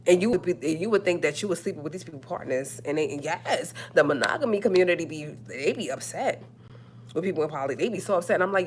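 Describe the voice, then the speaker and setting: A woman's voice: lowish voice, lively intonation, quick pace, slight background noise. A woman hosting a livestream, talking in a sassy, emphatic way and repeating her points. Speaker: livestream host. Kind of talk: casual livestream rant.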